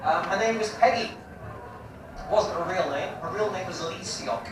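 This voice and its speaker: Heard from far away in an echoey live venue with the audience audible, a man in his forties does stand-up comedy. He's brash and crude with his punchlines, and his high voice moves at a normal speed.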